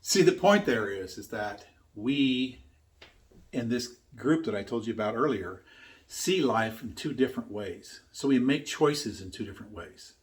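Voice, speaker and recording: A man's voice: mid-range voice, lively intonation, a little slow. An older man giving a motivational talk. He tells a story in an earnest, emphatic way and repeats his key points. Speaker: speaker teaching his own method.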